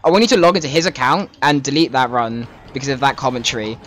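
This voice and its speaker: Excitable British man streaming a game. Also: medium pitch, fast talker. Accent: British English. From Britain. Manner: excitable, swears often, reacts loudly to mistakes. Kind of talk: casual live-stream commentary.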